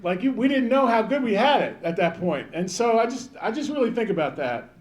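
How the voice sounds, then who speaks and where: A man's voice: high voice, sing-song, fairly quick. A man in his fifties giving a rambling, joking banquet speech, calling out to people in the crowd. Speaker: banquet speaker.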